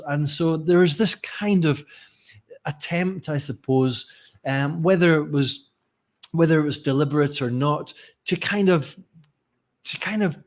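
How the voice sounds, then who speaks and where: A man talking casually as a teacher trainer in a live lesson, musing aloud with frequent restarts. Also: mid-range voice. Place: Barcelona.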